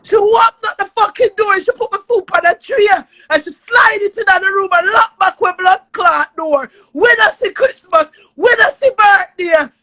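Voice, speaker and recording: A woman, ranting loudly and profanely on a livestream, often close to tears. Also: very high-pitched, normal speed, few pauses. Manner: angry, loud and profane, often near tears. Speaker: live streamer. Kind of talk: heated livestream rant.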